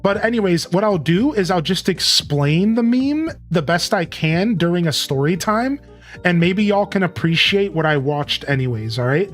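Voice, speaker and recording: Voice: medium pitch, expressive, moderate pace. Chatty streamer over faint music. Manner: chatty, loose, greets chat by name. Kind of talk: casual live-stream chat and storytelling.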